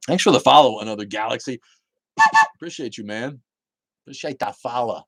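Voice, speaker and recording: A man's voice: mid-range voice, big pitch swings, normal speed, fairly bright tone, no echo. A man hosting a casual livestream, chatting bluntly with viewers, swearing and laughing often. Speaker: livestream host reading chat.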